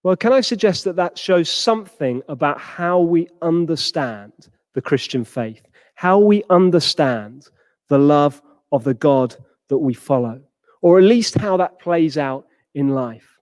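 A man delivers a sermon in a high, bright voice, and he acts out the quoted lines of the people in his story. The sound is dry and close, with no room echo. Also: lively intonation, a little slow. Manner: acts out quoted characters with rising pitch. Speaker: preacher.

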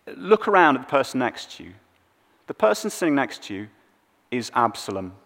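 A man preaching a sermon, swinging between loud emphatic lines and hushed low ones. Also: very animated, moderate pace, creaky, big-room sound. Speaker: pastor.

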